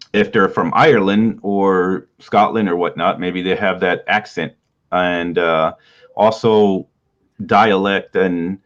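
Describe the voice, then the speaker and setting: A man with a low, deep voice teaches in a loose, casual way, chuckling now and then. His nose is stuffy, and the recording sounds dull and lo-fi. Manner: relaxed, rambling, laughs often. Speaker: writing podcast host.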